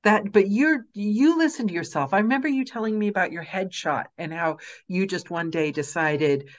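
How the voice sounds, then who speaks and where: A woman with a mid-pitched voice hosting a conversation with another narrator. She talks in a chatty, eager way and often agrees and jumps in with her own stories. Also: normal speed, muffled recording. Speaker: podcast host and narrator. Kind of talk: interview conversation.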